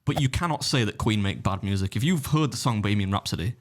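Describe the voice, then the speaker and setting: A man's voice: fairly low pitch, lively intonation, fast, noisy background. A man co-hosting a casual podcast. He rambles, interrupts himself and jokes dryly. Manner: rambling, self-interrupting, dry humour. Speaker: podcast co-host.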